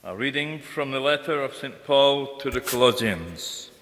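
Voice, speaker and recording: Guy reading scripture at church, slow and measured, bright tone, long reverb. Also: mid-range voice, animated. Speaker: lector.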